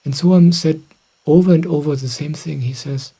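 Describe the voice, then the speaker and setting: Soft-spoken man giving spiritual guidance. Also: on the high side, steady tone, normal speed, breathy edge. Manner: gentle, reflective, soft-spoken. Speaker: spiritual teacher. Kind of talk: calm satsang answering questions.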